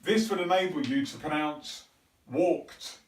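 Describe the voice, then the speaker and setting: A man teaching a pronunciation lesson, slowly and carefully demonstrating sounds. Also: fairly high pitch. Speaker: English teacher. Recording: echoey room, mic at a distance.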